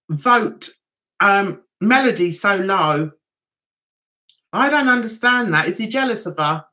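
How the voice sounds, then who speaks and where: A woman's voice: medium pitch, bright, forceful tone, poor audio. A woman hosting a casual livestream, chatting with viewers, greeting them by name and giving forthright opinions. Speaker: livestream host.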